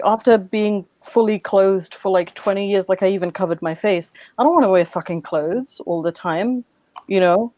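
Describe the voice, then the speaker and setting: A woman's voice: mid-range voice, a little mellow, no room sound. Blunt woman hosting a round table. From London. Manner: blunt, swears freely, laughs between points. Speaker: teacher. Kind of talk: casual panel discussion.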